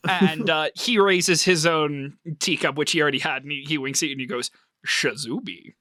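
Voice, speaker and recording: A man narrating a tabletop role-play game as game master, animated and laughing often. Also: fairly high pitch, a little fast, no echo, studio quality.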